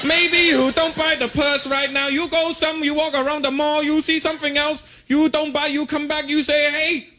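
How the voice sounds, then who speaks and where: A man's voice: high-pitched, sing-song. A comedian voicing a stubborn male mall shopkeeper who haggles and lectures in broken English. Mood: lecturing. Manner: broken English, drawn-out and insistent. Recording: live stand-up recording, loud background noise.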